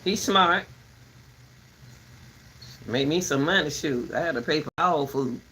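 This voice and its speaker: A woman hosting a casual rambling chat, animated and talkative, turning between her dogs and her viewers. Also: low voice, measured pace, a little hiss or hum. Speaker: commentary channel host.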